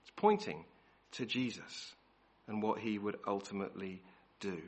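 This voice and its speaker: A man's voice: lowish voice, normal speed. A man preaching a sermon, emphatic and repeating key words, often restarting his phrases. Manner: self-correcting restarts.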